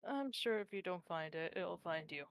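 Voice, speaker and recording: Woman playing a tired ex-merc woman, blunt and sweary, kinda low voice, dead dry mic. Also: lively intonation, moderate pace, no room sound. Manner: blunt, offhand, swears casually. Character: weary woman ex-mercenary traveler, blunt and dry.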